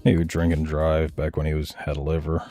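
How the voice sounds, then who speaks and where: A man's voice: extremely low pitch, monotone, fairly quick, warm tone. A man giving blunt, profane, heated commentary while reacting to videos, with faint music behind. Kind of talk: casual ranting commentary.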